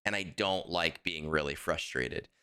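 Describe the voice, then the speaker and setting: A man with a very low, smooth and clear voice carries a casual podcast chat. He tells a story in an animated way and leans hard on his points. His tone stays bright. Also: unhurried. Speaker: podcast co-host.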